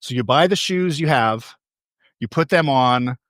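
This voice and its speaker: A man's voice: medium pitch, lively intonation, measured pace, a bit bright, no room sound, clean studio sound. A man giving a motivational stage talk as a coach. He tells stories, asks the audience questions and repeats key phrases for emphasis.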